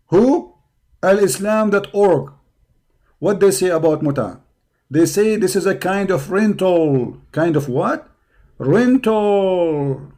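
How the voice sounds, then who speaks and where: A hoarse man hosting a live stream, delivering a combative, mocking rant that taunts his opponents. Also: high voice, a little mellow. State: hoarse from hours of talking.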